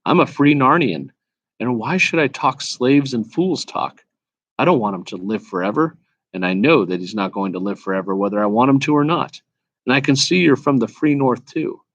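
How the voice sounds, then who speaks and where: A man's voice: mid-range voice, animated, highs cut off. A man doing a proud, blunt talking war horse. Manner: brisk, lecturing, faintly scornful. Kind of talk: storybook read-aloud.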